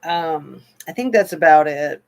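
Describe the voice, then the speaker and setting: A woman hosts a casual livestream, unhurried and rambling, with many pauses and fillers. Her voice sits a little low for a woman, and she answers viewer comments as she goes. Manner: slow, meandering, with frequent pauses and fillers; reads viewer comments aloud and answers them. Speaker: livestream host. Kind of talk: casual livestream chat about a true crime case.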